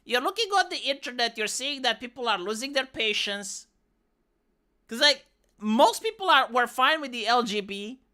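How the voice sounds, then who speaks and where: A woman live streamer delivering opinionated commentary, arguing her point in an animated way and repeating words as she builds up. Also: on the high side, normal speed.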